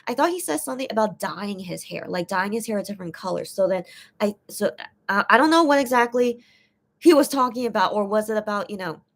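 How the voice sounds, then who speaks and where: A woman's voice: mid-range voice, animated, brisk, creaky. A young woman fan chatting casually on her own live stream, rambling and hesitant as she retells and translates what was said. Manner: rambling, hesitant, repeats words often. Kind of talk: casual livestream chat.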